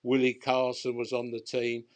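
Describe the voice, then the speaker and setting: A man's voice: mid-range voice, completely flat delivery, normal speed. An older man with a London accent tells rambling stories about his life in betting, in a loose, colloquial way. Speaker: guest bookmaker. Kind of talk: casual storytelling chat.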